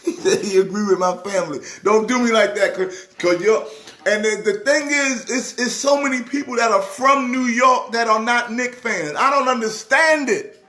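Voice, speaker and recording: A man who is a pastor, talking sports casually in an excitable way, repeating words with a preacher's rhythm. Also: extremely high pitch, normal speed, roomy sound, slight background noise. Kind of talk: casual sports talk show.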